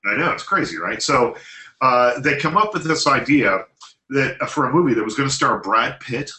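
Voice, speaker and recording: A man telling an animated anecdote in casual chat, laughing often as he goes. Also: mid-range voice, normal speed, echoey room, rough recording.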